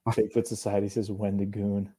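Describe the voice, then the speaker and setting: A man's voice: fairly low pitch, level tone, moderate pace, warm tone, breathy edge. A young man from northern Appalachia, co-hosting a casual chat in a laid-back, rambling way with frequent chuckles. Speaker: co-host of a cryptid show.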